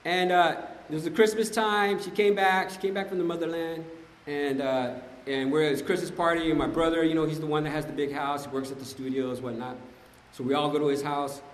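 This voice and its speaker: A man giving a personal recovery testimony to a group, telling his story in an animated, slangy way and often addressing the listeners directly. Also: a little high, brisk, slight background noise. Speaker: speaker sharing at a recovery meeting. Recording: echoey hall with long reverb.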